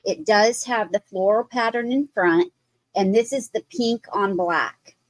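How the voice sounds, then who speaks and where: A woman's voice: medium pitch, a little slow, dry recording. A woman hosting a live online sale, describing a piece of pottery in chatty detail. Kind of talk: live sales presentation.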